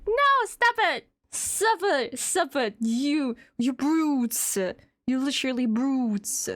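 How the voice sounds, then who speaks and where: A woman streaming live, chatting with her audience in an excitable way, swearing and playfully shouting at chat. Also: high voice, slow, noisy background. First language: Russian. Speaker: VTuber streamer.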